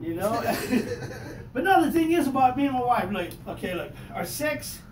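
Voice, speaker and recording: A man in his fifties doing a stand-up comedy set, telling profane, loud, animated stories. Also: very high-pitched, moderate pace. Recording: echoey room, mic heard from a distance, noisy.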